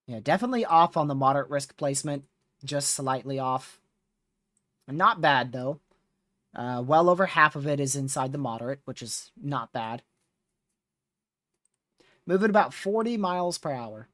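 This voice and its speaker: A man's voice: a little high, a bit bright, no echo, studio quality. A man hosting a live severe-weather stream, talking casually with viewers while reading radar, his voice starting to wear out. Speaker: livestream host.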